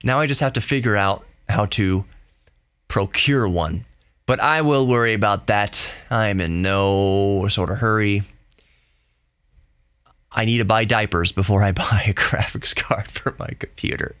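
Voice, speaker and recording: A young adult man hosting a solo tech podcast, reading specs aloud with excitable, jokey asides and self-corrections, ending with gentle encouragement. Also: lowish voice, a little slow, clean tone, no room sound, clean studio sound. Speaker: podcast host.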